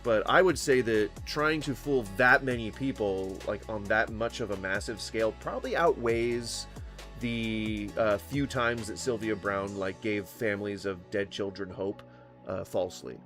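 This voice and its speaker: A man's voice: on the low side, a little slow, a bit bright, soft background music. A man reacting to videos on his channel, ranting casually and swearing often between laughs. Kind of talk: casual profane commentary.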